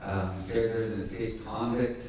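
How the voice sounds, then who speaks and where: A man in his forties doing a stand-up set in a small dark room, wry and self-deprecating, laughing at his own jokes. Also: fairly low pitch, fairly even intonation, normal speed. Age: 40s. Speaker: stand-up comedian. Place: tiny dark performance room. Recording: echoey and distant, faint hiss.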